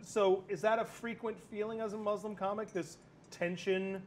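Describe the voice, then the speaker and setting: A man with a fairly high voice hosts a relaxed panel chat and teases his guests with jokes between questions. A faint low rumble sits under the recording. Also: normal speed. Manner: playful, joking questioner. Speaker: talk show host. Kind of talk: casual panel interview.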